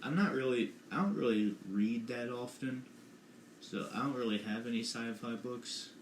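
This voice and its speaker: At a moderate pace and medium pitch, a young man chats casually as a podcast co-host, rambling and hedging. The recording picks up echo and faint noise from the room.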